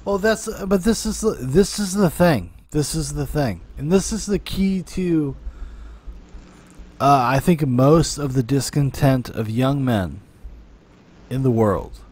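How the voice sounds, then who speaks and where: A man's voice: on the high side, slow, darkish tone. A man hosting a podcast, joking with dry, mock-formal sarcasm in casual commentary. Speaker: podcast host.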